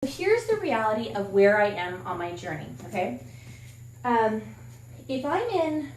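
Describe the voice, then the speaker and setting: A woman's voice: on the high side, darkish tone, recorded from a distance, a little hiss or hum. A woman fitness coach talking candidly and encouragingly while demonstrating a workout, sometimes slightly out of breath. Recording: echoey room from off-mic.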